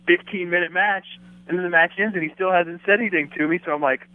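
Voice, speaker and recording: A man's voice: high voice, quick pace, no room sound, phone-quality sound. A man and former wrestling announcer, chatting casually as a podcast guest and acting out the quotes in his stories. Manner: animated storyteller, acts out quotes. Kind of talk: casual podcast chat, storytelling.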